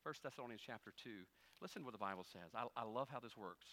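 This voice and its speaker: A male pastor preaching a sermon, telling humorous stories and jumping from quiet asides to loud, high exclamations. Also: sing-song, fast. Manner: humorous storytelling with acted dialogue.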